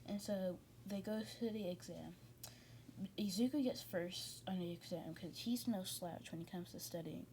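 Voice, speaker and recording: A woman's voice: fairly low pitch, moderate pace, dark tone, slight background noise. Rambling casual woman storyteller. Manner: rambling, many fillers and restarts. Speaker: fan fiction storyteller. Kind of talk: casual retelling of a fan story.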